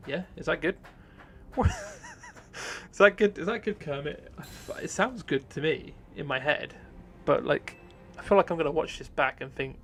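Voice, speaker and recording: A man's voice: on the high side, moderate pace, long pauses, a bit bright. A young man casually commentating his game live on stream, swearing often, mocking himself and laughing easily.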